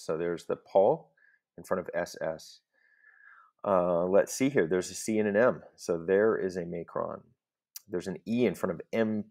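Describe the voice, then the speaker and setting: A man's voice: deep voice, darkish tone. A man teaching a recorded Latin lesson, explaining step by step in a patient voice and often checking in with "okay?".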